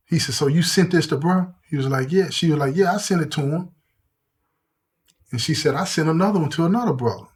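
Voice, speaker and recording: Animated storytelling man with speech. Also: a little high. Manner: animated, acts out quotes with shifting voice. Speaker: storyteller host. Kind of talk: casual prison storytelling.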